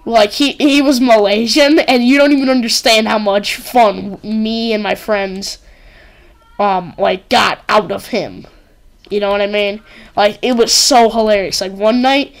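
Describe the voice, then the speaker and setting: A woman's voice: medium pitch, steady tone, measured pace. A woman hosting a casual game commentary, rambling and giggling with lots of "like" and "um". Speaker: gaming channel host. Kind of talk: casual let's-play commentary.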